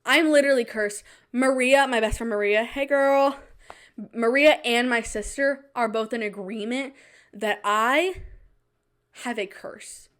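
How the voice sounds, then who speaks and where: High-voiced young woman telling a story. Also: clear, resonant tone. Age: young adult. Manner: animated, self-mocking, quick asides. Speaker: podcast host. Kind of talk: casual storytelling monologue.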